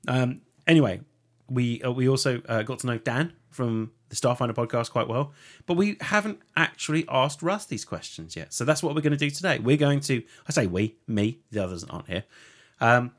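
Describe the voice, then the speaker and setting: Brief: male podcast host, jokey chatter, lively up-and-down delivery. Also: medium pitch, moderate pace. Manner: jokey, animated, laughs at own slips. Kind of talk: casual podcast chat.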